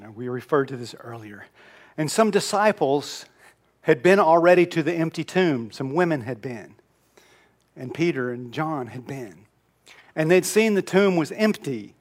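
Man, pastor, high voice, conversational sermon, drops to near-whisper, storytelling. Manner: conversational storytelling, swings from loud emphasis to hushed near-whisper.

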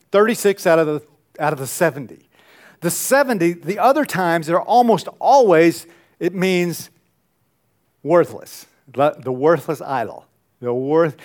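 A man teaching a Bible lesson to a congregation in a conversational way, asking the room questions and often restarting his sentences. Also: on the high side. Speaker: pastor teaching a Bible class.

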